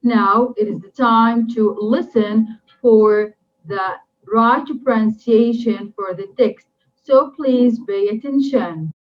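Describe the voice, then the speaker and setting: A woman teacher whose first language is Arabic works through an English lesson at a very slow, careful pace, drilling each new word three times. Her voice sits a little high. The recording sounds dull and lo-fi.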